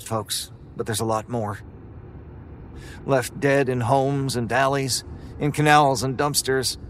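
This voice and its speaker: A man narrating a first-person horror story in a flat, weary, grim manner. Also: fairly high pitch, a little hiss or hum.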